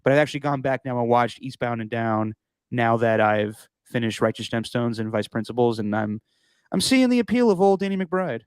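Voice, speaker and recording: A man co-hosting a podcast in casual chat, enthusiastic and quick to laugh. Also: mid-range voice, expressive, smooth, no echo. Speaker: podcast co-host.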